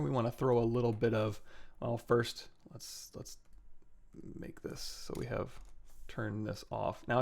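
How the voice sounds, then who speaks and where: A man's voice: medium pitch, gravelly. A man hosting a 3D sculpting livestream, talking casually through each step as he works and correcting himself as he goes. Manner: relaxed, talks through steps while working, self-corrects. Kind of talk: casual software tutorial narration.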